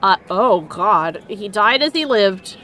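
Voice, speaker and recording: A woman streaming a video game, chatting casually, reacting loudly and laughing often. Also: medium pitch, lively intonation, slow, slight background noise. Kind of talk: casual let's-play chat.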